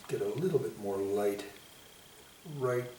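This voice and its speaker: A man giving a painting lesson, talking himself through each stroke in an unhurried, self-commenting way. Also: fairly low pitch. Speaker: painting instructor. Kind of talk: painting demonstration. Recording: echoey room, mic at a distance, faint hiss.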